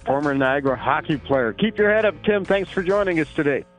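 A man's voice: fairly high pitch, animated, fairly quick, faint music behind, rough recording. A man hosting a sports radio show, chatting casually with stammering restarts and easy laughs. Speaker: radio host. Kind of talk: radio interview.

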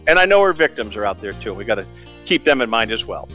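A man's voice: lowish voice, big pitch swings, fast talker, sharp tone, soft background music. A man hosting a sports talk radio show, candidly telling a personal story with the odd rueful laugh. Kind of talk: casual radio monologue.

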